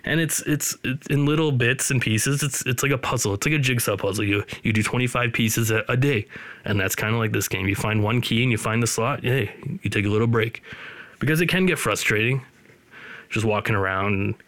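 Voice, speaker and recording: A male podcast host in his studio, chatting casually, rambling, and joking at his co-host's expense. His voice sits at an ordinary middle pitch, and the sound is dry and close with no room echo. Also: a little fast, fairly bright tone. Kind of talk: casual chat.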